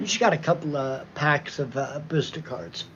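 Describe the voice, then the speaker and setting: A man's voice: fairly high pitch, moderate pace. A man chatting casually in a home vlog, rambling with many fillers and restarts. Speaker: vlogger. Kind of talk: casual chat. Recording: dull lo-fi sound with faint noise.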